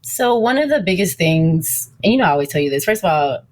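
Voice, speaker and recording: A woman's voice: lowish voice, very animated, fast talker. A woman therapist speaking in casual interview chat. She is direct and assertive and uses down-to-earth slang.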